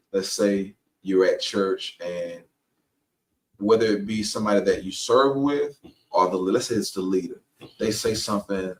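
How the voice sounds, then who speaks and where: A man co-hosting a podcast, chatting in a relaxed, colloquial way and often agreeing with his partner. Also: sits low. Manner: relaxed, colloquial, frequent affirmations. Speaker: podcast co-host. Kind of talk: casual conversation. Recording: distant mic.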